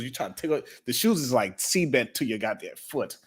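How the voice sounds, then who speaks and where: Guy hosting a morning show, chatty and lively, cusses a lot, mid-pitched voice. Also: a little fast, breathy edge. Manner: animated, swearing freely, loud bursts. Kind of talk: casual storytelling chat.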